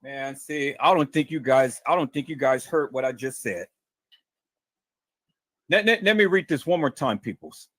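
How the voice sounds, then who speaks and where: A man's voice: fairly high pitch, sing-song, a little slow, long pauses, fairly bright tone, dry recording. Dramatic man stammering to his viewers. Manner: dramatic, repeats words, stammers, addresses viewers as peoples. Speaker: live stream host. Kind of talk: reading a report aloud and commenting.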